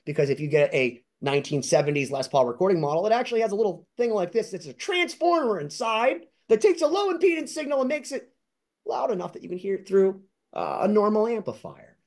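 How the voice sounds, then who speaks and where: A man telling excited, rambling anecdotes as an interview guest and collector, acting out other people's lines in high voices. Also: fairly quick. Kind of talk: casual storytelling.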